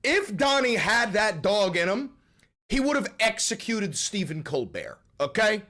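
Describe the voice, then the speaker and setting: A man ranting on a casual livestream, animated and profane, often laughing. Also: high voice, measured pace. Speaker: streamer.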